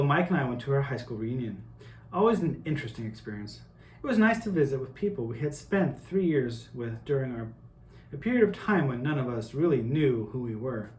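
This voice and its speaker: A man hosting his own channel, reading a self-help book aloud in an earnest way, with small asides. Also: mid-range voice. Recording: echoey room.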